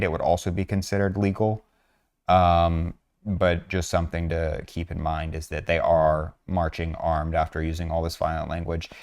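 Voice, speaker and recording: A man with a deep, even voice that stays low and barely rises or falls. He talks in an earnest, measured way, pausing often on "uh" and "um" as he walks through posts on screen. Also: clean tone. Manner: earnest, measured, with frequent fillers. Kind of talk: narrated screen walkthrough.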